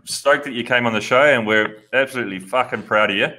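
A man's voice: medium pitch, fast, pushed and bright. A man co-hosting a podcast, chatting enthusiastically and swearing freely. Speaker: podcast co-host. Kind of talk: casual podcast banter.

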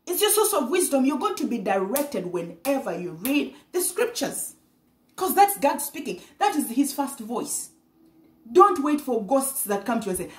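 Fervent woman preacher, lively pitch. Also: echoey room. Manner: fervent, repeats hallelujah, stumbles over words. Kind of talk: sermon.

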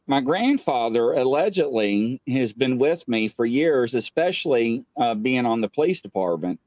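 A middle-aged police captain appearing as a guest tells a casual story, rambling loosely and filling gaps with lots of "uh"s. His voice is at an ordinary male pitch, dry with no room echo, and he gets animated, jumping sharply up in pitch whenever he acts out quoted lines.

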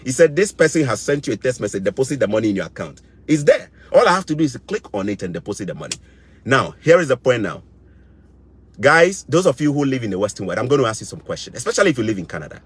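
A man's voice: mid-range voice, sing-song, quick pace, breathy edge. A middle-aged Ghanaian man with a Ghanaian English accent, giving impassioned commentary, indignant and repeating phrases for emphasis. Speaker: vlogger.

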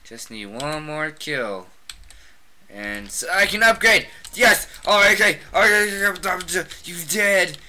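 A gamer talks through a shooter match in a casual, excitable way, taunting opponents and breaking into shouted outbursts. The voice is very sharp and bright. The talk runs slowly between bursts. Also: mid-range voice. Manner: excitable, trash-talking, frequent shouted outbursts. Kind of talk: casual gameplay commentary.

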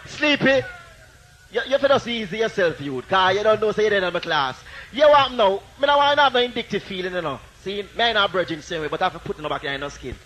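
A man's voice: high-pitched, animated, quick pace, hardly any pauses, a little hiss or hum. A man with a Jamaican accent toasting live at a sound system dance, boasting and taunting a rival sound in patois chants. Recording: lo-fi live dance tape with loud music.

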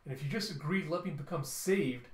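A man's voice: fairly high pitch, quick pace, lightly acted. A man voicing a restless, defiant teenage girl in a comic readthrough, echoey room. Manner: pleading then defiant, raised voice.

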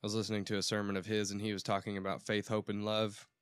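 A man's voice: on the low side, monotone, fast, clear, resonant tone, no echo. Dry-voiced man, chatty co-host. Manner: joking, laughs often. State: getting over a cold. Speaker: podcast co-host. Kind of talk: casual chat.

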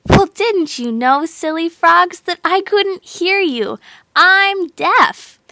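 A woman's voice: high voice, expressive, a little slow, no echo, heavily acted. A woman voicing Jill, a plucky young female frog who is determined, cheerful and proud. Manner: bright, encouraging, proud.

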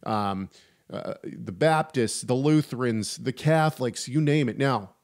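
A man's voice: mid-range voice, unhurried, creaky, a little mellow. Rambling, joking male podcast co-host. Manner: rambling, restarting sentences, joking asides. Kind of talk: casual chat about theology.

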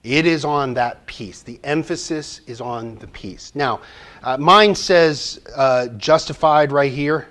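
A man's voice: mid-range voice, slow, a bit bright. A man teaching a church Bible study class in a conversational way, asking the group questions and joking lightly.

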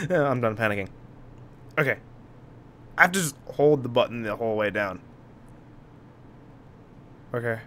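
A young man doing let's play commentary, frantic and yelling in mock panic, then calming down. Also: mid-range voice, moderate pace, pauses often, a little hiss or hum. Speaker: gaming YouTuber.

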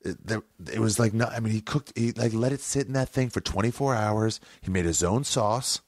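A man's voice: lowish voice, fairly quick, a little mellow, no echo. A man hosting a podcast, telling a long rambling story in casual, profane talk, often correcting himself mid-sentence. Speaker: podcast host.

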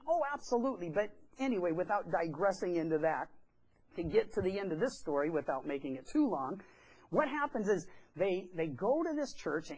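Animated man preaching a story sermon. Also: high voice, low-quality recording. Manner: animated, acts out quoted voices in a chatty way. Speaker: pastor. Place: church sanctuary.

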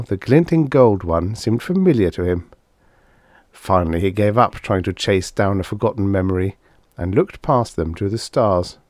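A man narrating a vintage science fiction story aloud in an expressive, lilting storytelling manner. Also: on the low side, no room sound, clean studio sound. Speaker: audiobook narrator. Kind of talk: scripted narration.

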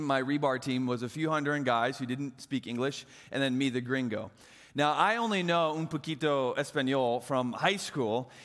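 A young adult man giving a sermon as pastor, an animated, self-mocking storyteller. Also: fairly high pitch. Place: church auditorium. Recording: long hall reverb.

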